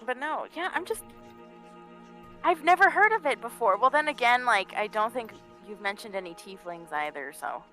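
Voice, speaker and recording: A woman's voice: a little high, expressive, moderate pace, bright, forceful tone, soft background music. A woman player chatting casually after a tabletop session, joking and trailing off mid-sentence. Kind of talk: casual chat among players.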